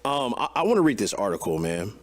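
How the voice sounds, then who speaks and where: A man's voice: lowish voice, big pitch swings, fast, no echo. A man co-hosting a casual podcast, reading an article aloud and mocking it, profane and incredulous. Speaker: co-host.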